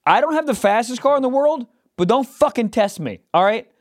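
A man co-hosting a podcast, telling stories in an animated, profane way and shouting out quoted lines. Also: extremely high pitch, a little fast, dry recording, clean studio sound. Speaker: podcast co-host. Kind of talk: casual comedic chat.

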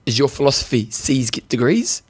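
A man's voice: medium pitch, sing-song, brisk, breathy edge. A man co-hosting a podcast, chatty and teasing, laughing often. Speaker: podcast co-host. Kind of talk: casual chat.

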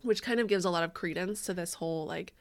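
A woman's voice: on the low side, fast. A woman co-hosting a podcast in casual chat, swearing freely and laughing often. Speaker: podcast co-host.

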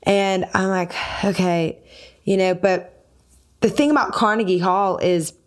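A woman's voice: medium pitch, a little slow. A woman hosting a podcast, chatting casually and telling a personal story, acting out her own quoted lines as she goes. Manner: storytelling, quotes herself with animated voices. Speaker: podcast host and singer.

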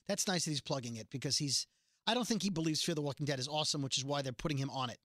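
A man co-hosting a chatty podcast, his voice bright and a little high. He is recorded dry and close, with no room sound. He reads quotes aloud and undercuts them with wry jokes. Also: very fast, no echo. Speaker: podcast co-host. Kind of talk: casual podcast chat.

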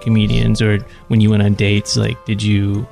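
A man with a low, gravelly voice asks casual questions. Clear music plays behind him. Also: completely flat delivery, normal speed. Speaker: interviewer.

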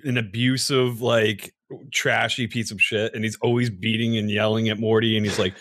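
A man's voice: lowish voice, flat delivery, normal speed, fairly bright tone, dry recording, clean studio sound. A man hosting a podcast, chatting loosely and swearing freely. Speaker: podcast host. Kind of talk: casual podcast chat.

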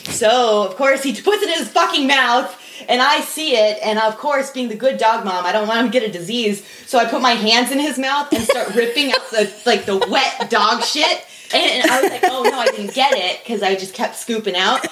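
Animated laughing woman telling a story. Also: on the high side, moderate pace, echoey room, background noise. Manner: animated, laughing, swearing, bursts into little screams. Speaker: co-host of a live stream. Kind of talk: casual storytelling chat.

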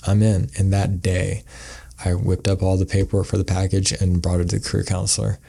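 Gravelly low-voiced man telling a story. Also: completely flat delivery, fairly quick, warm tone. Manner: rambling, acts out quoted dialogue. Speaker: podcast guest. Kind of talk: casual storytelling.

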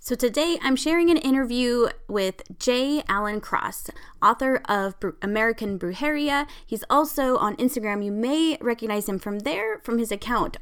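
A young woman hosts her podcast in a relaxed, chatty way. She giggles, leans on fillers, and swears casually while poking fun at herself. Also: fairly high pitch, smooth. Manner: swears casually, self-mocking. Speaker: podcast host. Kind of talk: casual chat, tarot card pull.

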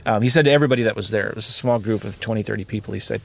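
A man's voice: lowish voice, racing, gravelly, hardly any pauses. A man hosting a podcast, talking candidly from inside his car, earnest and rambling with many fillers. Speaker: podcast host.

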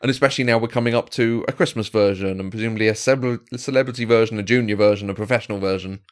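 A man's voice: lowish voice, fairly even intonation, rapid-fire. Chatty man co-hosting a podcast. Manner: chatty, enthusiastic, with frequent restarts and laughs. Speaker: podcast co-host. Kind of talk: casual podcast chat.

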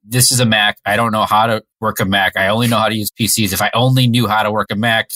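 A man's voice: on the low side, steady tone, fast talker, sharp tone, no echo. A man in an improv comedy sketch, talking in a laid-back, grumbling way.

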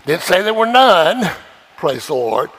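A man preaches a sermon in a high, bright voice. He stresses his points by repeating phrases, then drops to quiet asides before building up again. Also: big pitch swings, a little slow, rough recording. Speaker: pastor.

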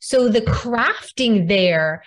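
Female host, conversational, talks her thoughts through out loud. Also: fairly high pitch, lively intonation, very slow. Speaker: podcast host. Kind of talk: conversational interview.

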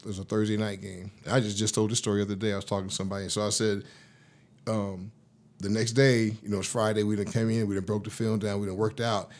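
Low-voiced man in his fifties, a former lineman guest, spinning loose, profane, slangy stories. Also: a little mellow. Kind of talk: casual storytelling interview.

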